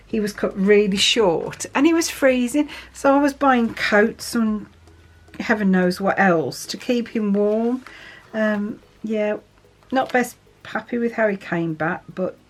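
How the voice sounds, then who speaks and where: A woman chatting casually to viewers as she fills in her planner, often asking them tag questions and laughing. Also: medium pitch. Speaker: planner vlogger. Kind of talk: casual chat while journaling.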